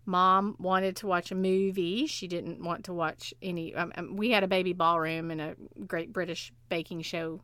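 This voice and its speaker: A woman's voice: fairly low pitch, flat delivery, normal speed, few pauses, bright, forceful tone, smooth, no room sound. A woman co-hosting a podcast, chatting casually and animatedly about shows and laughing often. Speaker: podcast co-host. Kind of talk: casual chat.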